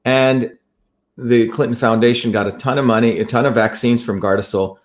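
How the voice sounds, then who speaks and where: A man's voice: medium pitch, steady tone, moderate pace. This is a man speaking to his audience as he walks them through pages on screen. He is emphatic and accusatory, stumbling and restarting as he presses his points. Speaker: presenter. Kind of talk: heated talk to an online audience with screen-share.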